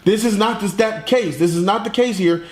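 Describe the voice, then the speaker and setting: A man giving a casual, slangy comic review with an animated, profane retelling. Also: high-pitched, normal speed, reverberant, faint music behind.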